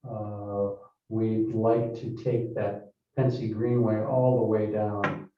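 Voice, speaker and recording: A man presenting a building project at a public meeting, talking haltingly with frequent fillers and restarts. His fairly low voice sits far from the microphone and rings around a very echoey council chamber. The sound is dull and muffled. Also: little pitch movement, noisy background. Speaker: project developer presenting to a town board. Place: town hall meeting room.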